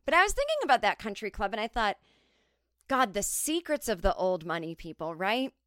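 A woman's voice: medium pitch, a little fast, no echo, studio quality. A woman in her forties telling a comic story in a chatty way, briefly putting on voices of other people. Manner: chatty, animated impressions of others. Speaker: podcast host. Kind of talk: solo comedic storytelling.

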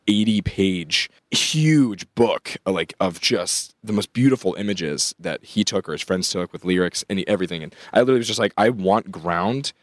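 A man's voice: low-pitched, normal speed, few pauses, no echo, clean studio sound. A young man from the United States who plays in a rock band, chatting casually in an interview and rambling with lots of "like" and restarts.

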